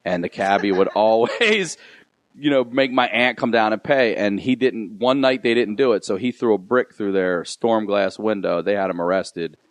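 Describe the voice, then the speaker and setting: Low-voiced man telling a story. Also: moderate pace, dry recording. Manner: animated storyteller, laughs mid-story. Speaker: comedian guest. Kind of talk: casual podcast storytelling.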